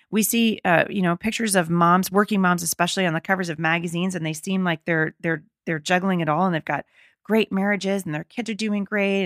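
A middle-aged woman hosting a faith-based podcast, slightly hoarse, talking in an earnest, encouraging way. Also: on the low side, a bit bright, no echo, studio quality. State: slightly hoarse, losing her voice. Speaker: podcast host.

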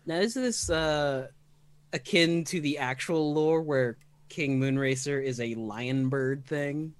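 A woman's voice: sits low, slow, dry recording. A woman playing in a casual tabletop game. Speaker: player.

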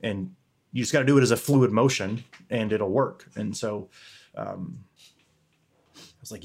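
A man's voice: lowish voice, steady tone, moderate pace, creaky, pauses often, husky. A young man co-hosting a podcast, talking candidly in a rambling way and swearing casually. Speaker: podcast co-host.

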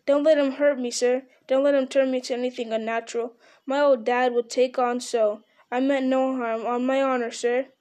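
A woman's voice: a little high, little pitch movement, normal speed, warm tone, close to an everyday voice. Woman doing Sam, humble hobbit gardener. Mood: pleading. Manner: rustic, humble, says sir constantly. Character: anxious, devoted young hobbit gardener, male.

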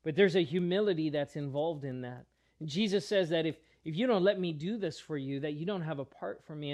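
A male pastor delivers a sermon in a slightly high voice. He explains in an earnest way and often restarts his phrases. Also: a little mellow.

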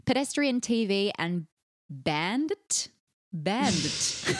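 A woman in her thirties with a lively, swinging voice. Her sound is close and dry, and she talks in a giggly, chatty way. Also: mid-range voice, no room sound. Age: 30s. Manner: lively, giggly, reads segment intros. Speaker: podcast co-host. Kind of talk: casual chat.

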